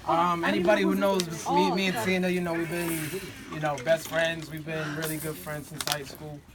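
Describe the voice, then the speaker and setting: A man in his twenties gives a loose, joking birthday toast in a slightly high voice. He leans on "um" and "you know what I mean". A loud crowd surrounds him. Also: level tone, normal speed. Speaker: friend giving a birthday toast. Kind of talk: casual party speech.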